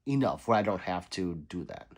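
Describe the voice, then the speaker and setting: A man's voice: sits low, expressive, a little fast. A middle-aged man who is sick, hosting a casual livestream and reading viewer comments aloud with laughs and sarcastic asides. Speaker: livestream host reading chat.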